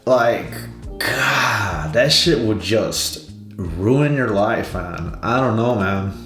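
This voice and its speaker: A man with a low voice gives slow, rambling, profane commentary. His voice echoes in a roomy space, and faint music plays underneath. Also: expressive, fairly bright tone. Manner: rambling, laid-back, profane. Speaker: reaction video host. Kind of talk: casual commentary.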